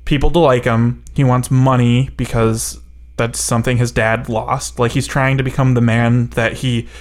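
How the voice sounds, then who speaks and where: A man's voice: mid-range voice, flat delivery, moderate pace. Rambling, jokey man in movie talk. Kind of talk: casual chat about a movie.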